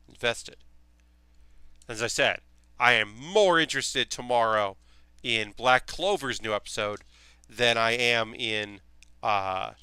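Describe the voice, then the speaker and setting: A young man talks casually to his stream while he builds, rambling with plenty of ums and offhand swearing. His voice is bright and crisp. The sound is dry, with no room echo. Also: mid-range voice. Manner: rambling, enthusiastic, swears freely, many fillers.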